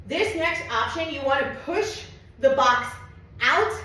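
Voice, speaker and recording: A woman's voice: high voice, lively intonation, slow pace, bright, forceful tone, heavy reverb, far from the mic, a little hiss or hum, low-quality recording. A woman teaching a Pilates move at home in a chatty, casual way, out of breath and swearing now and then. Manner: chatty, swears casually, talks to her cat. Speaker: Pilates instructor. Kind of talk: casual home workout tutorial. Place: home studio with mirror.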